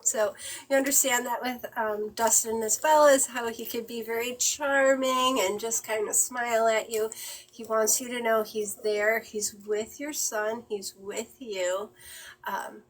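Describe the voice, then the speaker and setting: A woman medium giving a live-stream reading. She talks in halting, emotional bursts with many fillers and sighs. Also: fairly high pitch, steady tone, poor audio.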